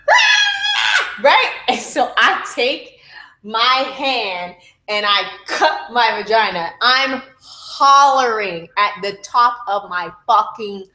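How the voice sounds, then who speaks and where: A woman's voice: medium pitch, sharp tone, roomy sound, rough recording. A mother telling her home birth story to a group, candid and profane, acting out her own screams. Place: room at a baby celebration.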